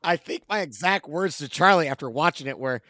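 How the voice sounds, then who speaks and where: A man co-hosts a podcast and tells stories in a teasing, animated way. His voice is bright and moves up and down a lot. The sound is dry and close. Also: a little high, fairly quick, no echo. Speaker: podcast co-host. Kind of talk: casual chat.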